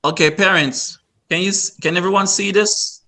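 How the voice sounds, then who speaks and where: A man's voice: high-pitched, steady tone, normal speed, bright, forceful tone. A man presenting a virtual workshop to parents over a video call, instructive and repeating himself with many restarts.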